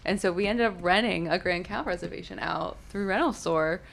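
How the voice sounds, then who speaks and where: Chatty woman on a podcast, lowish voice, lots of creak. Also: fairly quick. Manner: chatty, personal anecdotes. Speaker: podcast co-host. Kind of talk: casual podcast chat.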